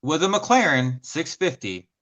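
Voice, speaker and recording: A man with a bright, animated voice trades jokes in a relaxed film chat. His pitch sits a bit high and swings widely as he tosses in quick asides. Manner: lively, joking, quick asides. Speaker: podcast co-host. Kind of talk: casual film rewatch chat.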